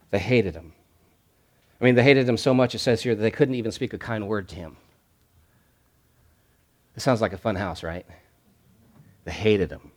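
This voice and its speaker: A man preaching a sermon, repeating key phrases for stress and reading scripture aloud with rising energy. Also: lowish voice. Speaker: pastor.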